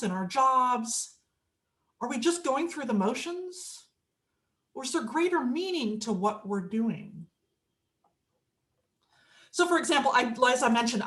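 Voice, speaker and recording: A woman minister delivers a sermon in a relaxed, conversational way. Her voice sits high, and she tells stories as she goes, acting out the quotes. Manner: conversational storytelling with acted quotes.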